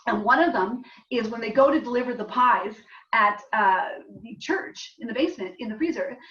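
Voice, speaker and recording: A woman's voice: a little high, lively intonation, normal speed, fairly bright tone. A woman playwright from Canada telling the story behind her play in a rambling, chatty way. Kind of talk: casual talk at a reading. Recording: distant roomy dull live recording.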